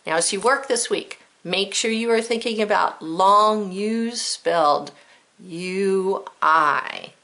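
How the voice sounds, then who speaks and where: A woman's voice: medium pitch, slow pace, sharp tone. A woman teaching a children's spelling lesson, who spells words letter by letter and thinks aloud, step by step, in a patient way.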